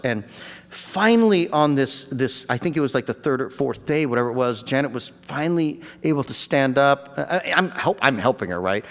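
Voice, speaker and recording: Animated man in a reverberant room. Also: mid-range voice. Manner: animated and heartfelt, laughing often. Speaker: caregiver telling a personal story. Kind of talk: casual spoken storytelling. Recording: long reverb.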